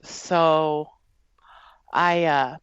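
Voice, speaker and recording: Low-voiced woman telling a personal story. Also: fairly even intonation, smooth, no room sound, dull audio. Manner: earnest, halting, with frequent fillers. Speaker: guest. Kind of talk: personal storytelling in a podcast conversation.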